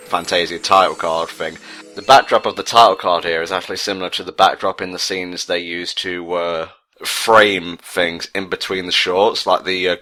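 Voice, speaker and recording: A man's voice: low-pitched, sharp tone, rough recording. A man giving casual, sarcastic commentary over a video game playthrough. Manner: dry, sarcastic, jokey asides. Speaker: let's play co-commentator.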